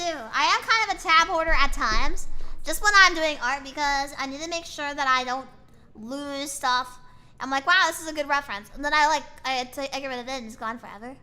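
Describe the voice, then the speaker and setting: Young woman streamer, high, very bright voice, rambling self-mocking chat, soft music behind. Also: a little fast. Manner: rambling, playful, self-mocking, with frequent fillers. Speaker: VTuber streamer. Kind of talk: casual chat while drawing on stream.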